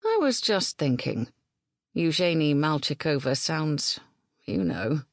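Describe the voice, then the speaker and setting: A woman's voice: low-pitched, very animated, slow pace, no echo, studio quality, full character voice. A woman voicing a cheery young man. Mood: teasing.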